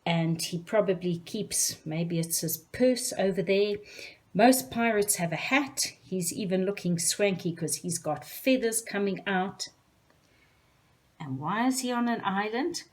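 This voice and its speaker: A woman's voice: mid-range voice, a little slow. A woman teaching young children, speaking to them directly in a sing-song way.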